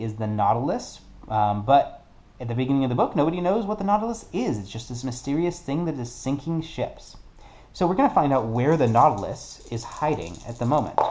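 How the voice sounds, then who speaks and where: Playing a solo tabletop game, a man with a mid-range, darkish voice explains the rules casually. He thinks aloud and corrects himself as he goes.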